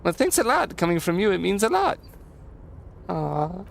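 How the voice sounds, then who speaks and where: Man putting on a chatty irish dockhand, high eager voice, folksy, keeps repeating himself. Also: very animated, moderate pace, gravelly, a little hiss or hum, exaggerated voice. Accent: put-on Irish. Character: cheerful chatty male dockworker, eager to please. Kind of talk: reading game dialogue aloud in voices.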